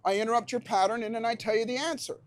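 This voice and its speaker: A man giving a motivational seminar talk to a live audience, telling stories with acted-out shouts and gasps and coaxing the crowd to join in. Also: very high voice, racing, no echo. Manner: animated storyteller, acts out shouts and gasps, coaxes audience. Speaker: keynote speaker. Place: event lounge before a live audience.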